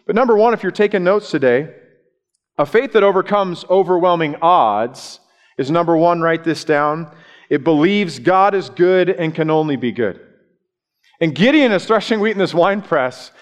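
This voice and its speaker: Preacher with a higher voice in a hall. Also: male voice. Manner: animated storytelling with acted-out voices. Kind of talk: sermon. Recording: long reverb in a large hall.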